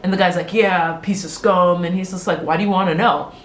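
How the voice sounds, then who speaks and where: Woman, lower-pitched, animated casual recapper, slightly echoey room, faint background ambience. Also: brisk, slight background noise. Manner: animated storytelling, acts out quotes, laughs often. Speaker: vlogger recapping a TV episode.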